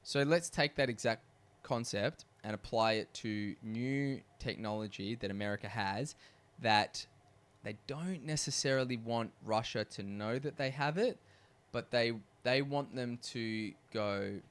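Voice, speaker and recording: Guy on a podcast pushing his theory hard, mid-pitch voice, swears a bit, keeps insisting. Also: a little slow, few pauses, smooth. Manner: emphatic, argumentative, swearing. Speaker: podcast co-host. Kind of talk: casual chat.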